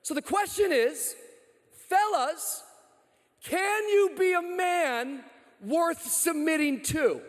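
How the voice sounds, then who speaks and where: Male preacher hyping up the crowd, joking, high voice, big echoey hall. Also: a little hiss or hum. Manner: energetic, joking, loud calls to the crowd. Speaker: pastor. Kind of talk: sermon. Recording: long reverb of a large hall.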